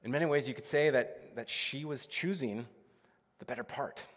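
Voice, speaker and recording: A man's voice: mid-range voice, normal speed, a bit bright. A male pastor giving a casual, conversational sermon, full of "like"s and acted-out quotes. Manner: casual, chatty preaching with many "like"s and acted-out quotes. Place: church sanctuary. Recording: reverberant church sanctuary.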